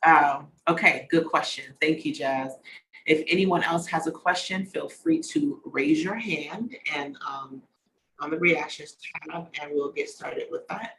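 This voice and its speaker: A man's voice: fairly high pitch, a little slow, pushed and bright, a little hiss or hum, low-quality recording. A man hosting an online conference over a video call, chatty and slangy, drifting off on tangents as he talks. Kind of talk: casual talk on a video call.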